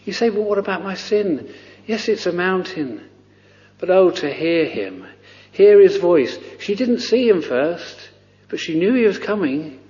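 A man's voice: high voice, expressive, measured pace, a little mellow. A man preaching a sermon with fervent cries of "oh" and many repeated words. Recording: lo-fi recording with long reverb.

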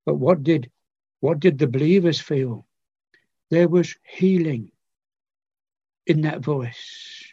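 An older man preaching a sermon, earnest and pleading, with repeated phrases and long pauses. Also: a little high, dark tone, husky, dry recording. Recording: dull lo-fi recording.

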